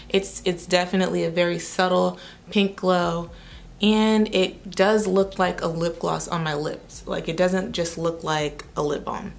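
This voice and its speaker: A woman's voice: on the low side, gravelly. A young woman doing a casual, chatty makeup try-on review, with sassy asides. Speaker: beauty vlogger.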